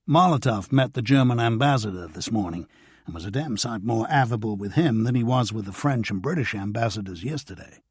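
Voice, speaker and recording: A man's voice: fairly low pitch, expressive, a little fast, darkish tone, husky, no room sound, studio quality. A man reading a blunt, cynical newsman. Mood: grumbling.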